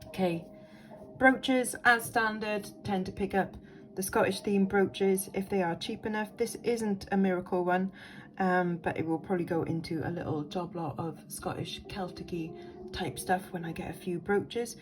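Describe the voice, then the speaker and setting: A woman's voice: mid-range voice, fairly even intonation, normal speed, soft background music. A woman, chatting enthusiastically as she shows vintage jewellery in a casual vlog, thinking aloud with lots of ums. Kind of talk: casual show-and-tell vlog.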